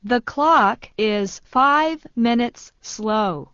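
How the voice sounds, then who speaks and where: A woman reads English phrases for learners at a very slow, deliberate pace. Her voice sits a little high. The sound is dry and dull, with a muffled top end. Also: clear, resonant tone, no room sound. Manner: slow, even repetition of each phrase. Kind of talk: slow scripted phrase reading.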